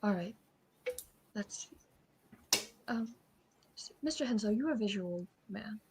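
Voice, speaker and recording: A woman's voice: medium pitch, animated, slow, noisy background. Woman playing a courteous, formal doctor. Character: polite, formal female doctor questioning a patient. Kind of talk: in-character tabletop role-play.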